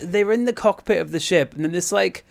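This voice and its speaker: A man co-hosting a casual podcast chat, animated and laughing often as he acts out scenes. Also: high-pitched, brisk, vocal fry. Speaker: podcast co-host.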